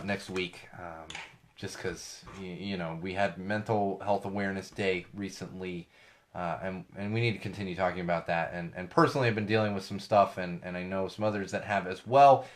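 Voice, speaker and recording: A middle-aged man hosting a casual solo podcast from a studio, rambling and correcting himself as he goes, his voice a bit worn and going hoarse. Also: sits low, a bit bright. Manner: rambling, chatty, self-correcting asides. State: losing his voice. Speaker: podcast host.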